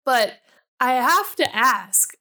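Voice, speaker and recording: A woman's voice: sits high, animated, takes it slowly, bright, forceful tone. Chatty woman hosting a book podcast. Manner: chatty, laughs often, fillers like "like". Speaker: podcast host. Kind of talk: casual book club chat.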